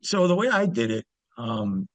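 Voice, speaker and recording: A man's voice: sits high, sing-song, moderate pace, gravelly, dry recording. A man, an interview guest, telling stories casually, rambling with many fillers and restarts. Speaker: interview guest, former pit trader. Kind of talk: casual storytelling.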